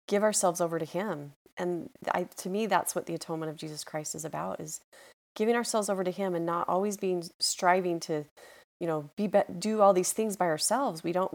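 A woman hosting an interview podcast, responding in an affirming way and often repeating words as she talks. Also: lowish voice. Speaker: podcast host.

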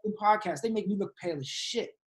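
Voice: medium pitch, a little fast. A laid-back podcast host in casual chat, slangy and profane, asking loose follow-up questions.

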